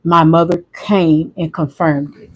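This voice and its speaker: A man with a fairly high voice talks on his livestream in a quiet, halting way. He restarts and repeats his words often, like a personal monologue. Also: little pitch movement, low-quality recording. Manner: soft-spoken, halting, repeats himself. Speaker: livestream host.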